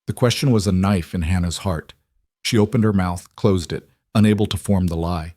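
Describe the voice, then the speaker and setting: A man narrating a western story in a measured, dramatic storytelling manner. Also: sits low, a little mellow, no room sound, studio quality. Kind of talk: scripted narration.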